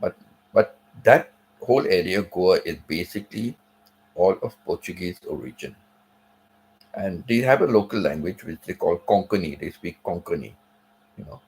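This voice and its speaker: A man's voice: low voice, lively intonation, moderate pace, a little mellow, a little hiss or hum, low-quality recording. A man hosting a channel, talking casually in a rambling way, with many asides and "you know" fillers. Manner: rambling, digressive, frequent "you know" and "right?". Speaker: channel host. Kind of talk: casual monologue.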